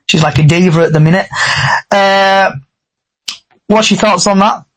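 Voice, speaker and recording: A man's voice: high voice, unhurried, fairly bright tone, rough recording. A man hosting a casual fan podcast, reading out news items and then asking each panelist for their view. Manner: reads club news aloud, then polls the panel. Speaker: podcast host.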